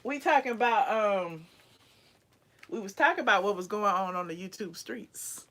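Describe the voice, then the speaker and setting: A woman hosting a casual live chat with callers, sassy and quick to laugh. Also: medium pitch, expressive, a bit bright. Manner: sassy, laughs often, drawn-out "child". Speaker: channel host.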